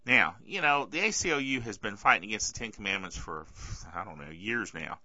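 A podcast host, a man with a bright, forceful voice, delivers chatty, sarcastic tech commentary and keeps checking in with "okay?". His throat is bothering him, so he clears it often. His pitch swings widely, and the recording sounds dull and lo-fi. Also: lively intonation, a little fast, dry recording. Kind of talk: casual tech news commentary.

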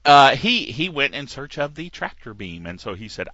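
Bright, rambling middle-aged male host. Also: mid-range voice, fairly quick, few pauses, no room sound. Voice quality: slightly gravelly. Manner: rambling, digressive, chuckling at his own jokes. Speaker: tech podcast host. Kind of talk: casual tech news commentary. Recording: dull lo-fi dry recording.

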